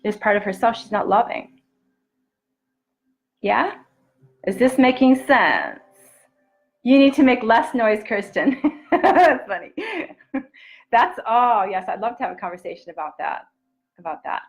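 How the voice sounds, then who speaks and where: Woman, middle-aged, gentle live-stream self-love coach, earnest and warm-hearted. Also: fairly high pitch, very animated, a little slow, pauses often, rough recording. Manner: gentle, earnest, reads viewer comments aloud.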